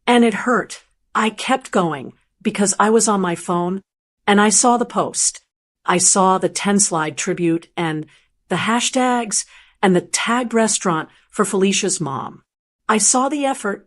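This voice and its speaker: Female narrator, mid pitch, measured first-person storytelling, calm and even.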